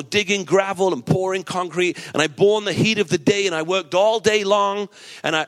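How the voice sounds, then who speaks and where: A man's voice: sits high, a bit bright. A male pastor giving a sermon in a conversational, storytelling way, asking the congregation rhetorical questions and repeating his points for emphasis.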